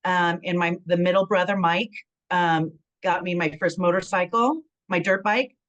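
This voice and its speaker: A middle-aged woman from California telling stories in a relaxed interview, with a fairly low voice. She acts out what people said and fills her talk with "um" and "you know what I mean." Her delivery stays chatty and animated. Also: moderate pace, lo-fi sound. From San Bernardino, California. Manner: animated storytelling, acts out quotes, frequent fillers. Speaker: guest, former pro wrestler. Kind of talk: casual interview chat.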